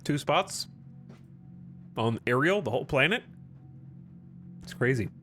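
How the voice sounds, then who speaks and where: A man giving live gameplay commentary to his chat, clearing his throat often after choking. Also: mid-range voice, lively intonation, unhurried, a bit bright, faint music behind. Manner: talks to chat while playing, with frequent throat clearing. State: choking and coughing. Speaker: streamer.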